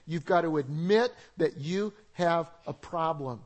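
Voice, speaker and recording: High-voiced, animated male pastor. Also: a little slow. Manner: animated, conversational preaching with acted-out quotes and laughs. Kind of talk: sermon.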